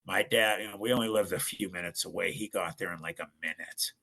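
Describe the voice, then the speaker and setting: Gravelly, bright-voiced man telling a story. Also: deep voice, fairly quick, low-quality recording. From northern Ohio, USA. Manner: animated, acts out other people's lines, frequent restarts. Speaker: podcast guest.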